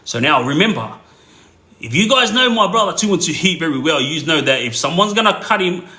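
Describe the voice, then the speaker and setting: A man's voice: a little high, very animated, brisk, pushed and bright. Man telling a rambling story. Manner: rambling, filler-heavy, laughs at his own story. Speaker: livestream storyteller. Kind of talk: casual storytelling on a livestream. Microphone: phone. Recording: roomy echo.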